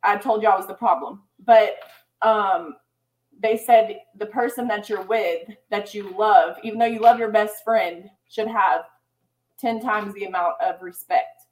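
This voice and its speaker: Woman, casual chat, earnest, reflective, mid-pitched voice. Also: a little slow, rough recording.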